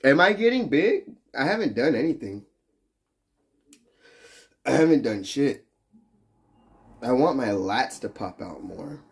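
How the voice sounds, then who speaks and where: With a mid-range voice, big pitch swings, vocal fry and a breathy edge, the young adult man speaks at a measured pace and pauses often. He's reading chat on a casual livestream, laughing frequently through profane, teasing jokes.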